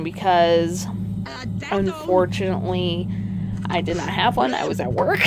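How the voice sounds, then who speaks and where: A woman whose voice is worn out and hoarse tells a rambling story, swearing casually as she goes. Her voice sits fairly low. A faint hiss runs under it. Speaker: video creator telling a pet story.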